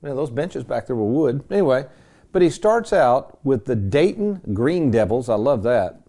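A man's voice: mid-range voice, sing-song, moderate pace, mellow. A man hosting a radio talk show on retirement money, talking in a folksy, joking, rambling way with plenty of fillers into a studio microphone. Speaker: radio host and retirement planner.

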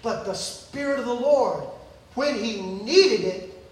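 High bright-voiced preacher man, animated storytelling sermon, super echoey and kinda far off. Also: slow. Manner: animated storytelling, acts out scenes.

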